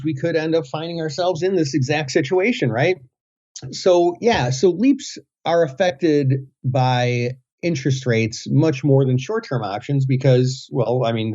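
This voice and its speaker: A man co-hosting a podcast who explains ideas step by step in a measured way, with some fillers. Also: a little high, darkish tone, dull audio. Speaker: podcast co-host. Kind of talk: casual explanatory chat.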